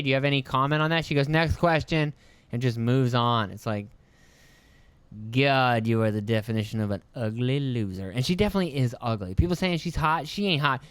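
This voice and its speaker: Smooth-voiced man ranting profanely. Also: a little high, fairly bright tone, no room sound. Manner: profane, mocking, heated rant with put-on voices. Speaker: podcast host. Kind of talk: ranting solo podcast commentary.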